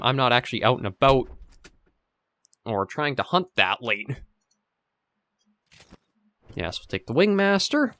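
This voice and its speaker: Lively-voiced man narrating a hunting game. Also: mid-range voice, dry recording. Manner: relaxed, thinking aloud with fillers. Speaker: gaming channel host. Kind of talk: casual gameplay commentary.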